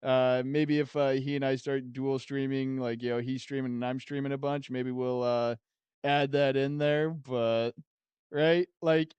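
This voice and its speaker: A man's voice: medium pitch, little pitch movement, measured pace, darkish tone, clean tone, no echo, lo-fi sound. A man streaming a game and chatting casually with viewers, laid-back and laughing often between his thoughts.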